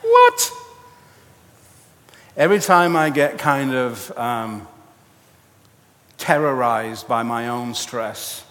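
Guy preaching slow in a big echoey church, jokey and animated, mid-pitched voice. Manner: animated storytelling, self-mocking humor. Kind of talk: sermon with personal story. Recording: long hall reverb.

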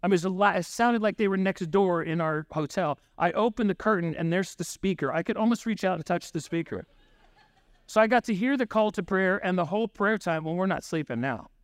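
Man, pastor, high voice, dry close sound, chatty sermon storytelling. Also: a little fast, no echo. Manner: conversational, frequent "right?" asides, acts out dialogue.

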